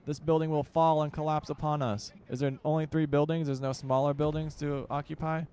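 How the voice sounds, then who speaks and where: This young man's warm voice sits on the high side with little pitch movement, moving fairly quickly as he commentates casually on a strategy game for his gaming channel. He barks orders at his units and grumbles with joking exasperation. The audio carries a little hiss or hum.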